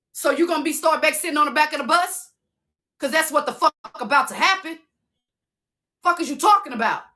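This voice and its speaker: A high, bright woman's voice, ranting on a phone livestream. Her delivery is fiery and profane. She keeps pressing listeners with the same challenge again and again. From Southern United States. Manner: fiery, profane, keeps asking "you hear me". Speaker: livestream host.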